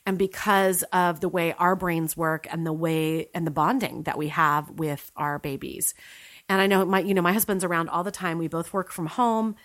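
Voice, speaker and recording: A woman in her forties speaks as a life coach, addressing mothers directly in a motivational monologue. Her voice sits a little low for a woman. She is earnest and emphatic, rushing through asides and slowing down to press home the points she cares about. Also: steady tone, a bit bright. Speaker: life coach and podcast host. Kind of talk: motivational solo talk to listeners.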